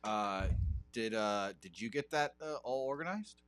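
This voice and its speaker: A man's voice: lowish voice, animated, a little slow, fairly bright tone, smooth, no echo. A man co-hosting a podcast, telling a rambling self-deprecating story full of swearing and hesitations. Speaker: podcast co-host. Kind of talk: casual storytelling chat.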